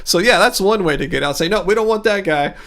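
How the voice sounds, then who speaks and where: Middle-aged guy from california, kinda high voice, tired, rambly livestream chat reading comments and laughing a lot. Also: fairly bright tone. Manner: rambling, halting, laughs often, reads comments aloud. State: mentally tired.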